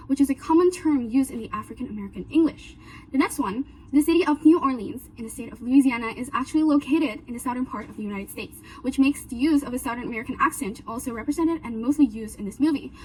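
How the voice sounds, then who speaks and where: A woman's voice: a little high, quick pace, a little mellow, a little hiss or hum, rough recording. A young woman giving an earnest class presentation, walking through her points one by one. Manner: earnest, explanatory, lists points with "so" and "now". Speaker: student presenter.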